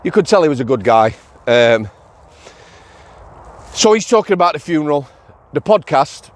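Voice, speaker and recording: A man's voice: a little high, big pitch swings, moderate pace. A middle-aged man, a former prison officer hosting a podcast and telling a story in a rambling, anecdotal way with fillers. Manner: rambling anecdotal delivery with frequent fillers and chuckles. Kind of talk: casual storytelling monologue.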